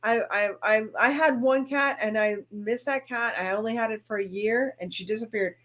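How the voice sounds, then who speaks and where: A woman's voice: on the high side, normal speed, fairly bright tone. A woman co-hosting a casual chat, friendly and chatty. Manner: friendly, chatty, gushes over cats.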